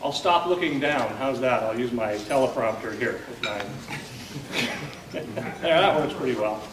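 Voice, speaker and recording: A man's voice: mid-range voice, moderate pace, noisy background. A man hosting a policy luncheon, giving a plain, conversational introduction with frequent filler words. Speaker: event host introducing a speaker. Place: banquet hall at a lunch event. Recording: roomy, distant mic with clinking dishes.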